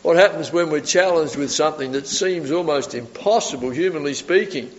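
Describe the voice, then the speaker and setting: A man preaches with lively storytelling, laughing softly between lines. His voice sits fairly high. The recording is muffled and lo-fi, with a long hall reverb. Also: fairly quick. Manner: animated storytelling, chuckling often. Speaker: pastor. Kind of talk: sermon.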